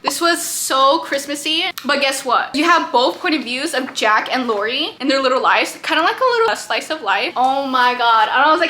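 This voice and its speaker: A woman's voice: sits high, expressive, a little fast, bright, forceful tone. A woman book vlogger talking casually and animatedly, getting worked up about the characters as she reviews her reads.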